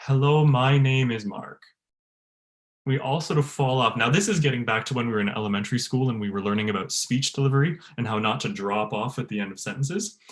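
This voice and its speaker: A man giving an online voice-care workshop to a choir, encouraging and demonstrating vocal sounds as he explains. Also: mid-range voice. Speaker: voice teacher. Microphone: video call.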